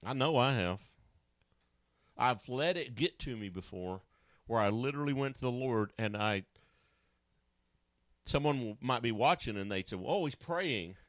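A man preaching a sermon in a conversational, joking way, acting out people's voices with sudden high jumps. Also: moderate pace, pauses often, a bit bright, dry recording. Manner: conversational and joking, with asides to a co-host. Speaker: pastor.

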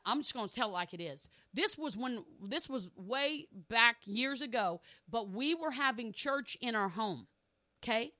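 Woman pastor, middle-aged, preaching with emphatic repetition; bright, somewhat high voice, dry sound. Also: no room sound. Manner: emphatic, repeats phrases for stress; candid personal storytelling. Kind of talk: sermon.

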